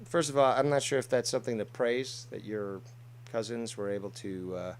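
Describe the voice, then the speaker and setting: A man's voice: mid-range voice, fairly even intonation, moderate pace. A man hosting a talk show, boasting and swearing heavily as he rambles with many fillers. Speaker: show host. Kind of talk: casual streamed talk show chat.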